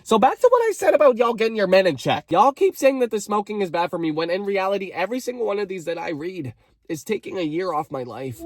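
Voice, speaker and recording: A young man with a bright, high speaking voice runs a comedic storytime, reading viewers' stories aloud and breaking in with sassy asides and mock outrage. The recording is close and dry, with no room sound around him. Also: very animated, quick pace, dry recording. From Canada. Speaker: storytime creator.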